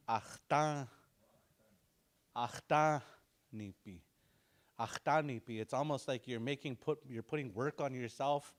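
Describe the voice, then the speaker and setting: A middle-aged man teaching a relaxed language class, joking and repeating words slowly for practice. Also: medium pitch. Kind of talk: casual online language lesson.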